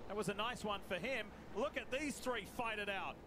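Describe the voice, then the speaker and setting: A man calling a car race live on TV with excited play-by-play that rises at key moments. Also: high voice, moderate pace, background noise. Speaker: TV race commentator.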